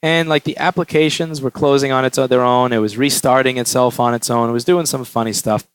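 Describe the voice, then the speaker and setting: A man who runs a repair shop, talking casually in an animated storytelling way and acting out quotes. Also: medium pitch, a little fast, smooth, no room sound. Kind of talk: casual vlog monologue.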